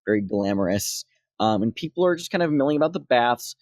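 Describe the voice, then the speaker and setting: Female dungeon master, rambling and animated, dry close mic. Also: very deep voice, fairly quick, no echo. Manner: rambling, many fillers, laughs easily. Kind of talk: narrating a tabletop game.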